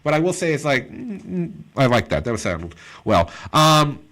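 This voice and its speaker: A man's voice: mid-range voice, brisk. A man co-hosting a casual podcast, a comedian who reviews a movie in a rambling way with lots of fillers. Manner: rambling, filler-heavy, animated impressions.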